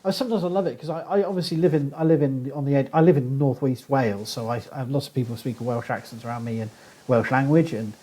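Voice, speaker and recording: A man's voice: medium pitch, fast talker, warm tone, rough recording. A middle-aged man with a Southern English accent, a guest archaeologist telling chatty anecdotes with frequent laughs in a casual podcast conversation. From southern England.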